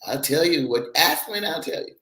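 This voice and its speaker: A woman's voice: deep voice, lively intonation, brisk. A woman in her seventies, a veteran singer, chatting openly as a guest. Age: 70s. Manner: warm, candid, open. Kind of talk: casual interview chat. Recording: roomy video-call audio with faint noise.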